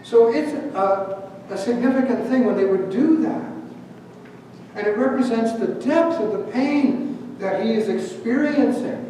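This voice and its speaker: A man's voice: high-pitched, mellow. A man, a pastor, giving a sermon from Canada, telling stories and asking the congregation questions. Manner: storytelling, asks the congregation questions. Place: church sanctuary. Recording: echoey hall from far off, faint hum.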